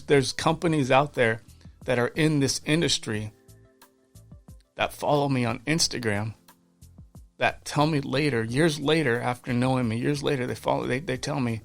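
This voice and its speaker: A man's voice: medium pitch, normal speed, gravelly, soft background music. A man guest on a podcast, telling faith stories in an earnest, fervent way, with many restarts and repeated words. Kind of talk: casual interview storytelling.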